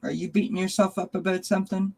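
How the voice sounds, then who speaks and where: A woman's voice: medium pitch, little pitch movement, fast talker, background noise. A woman hosting a casual live tarot stream from home, chatting affectionately with viewers by name. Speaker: tarot reader and channel host.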